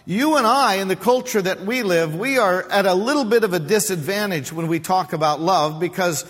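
A man with a notably high voice preaches from the pulpit into a microphone. He explains scripture and poses questions to his congregation. The sound carries a long reverb from a large church hall. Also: moderate pace, fairly bright tone. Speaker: pastor. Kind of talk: sermon. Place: church sanctuary.

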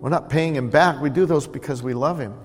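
A man preaching from the pulpit in a slightly raised voice, speaking plainly and circling back to repeat his key words. His voice carries a long reverb through the church hall, with soft music faint underneath. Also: on the high side, brisk. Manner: warm, conversational preaching with repeated emphasis. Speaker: pastor. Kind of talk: sermon. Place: church sanctuary.

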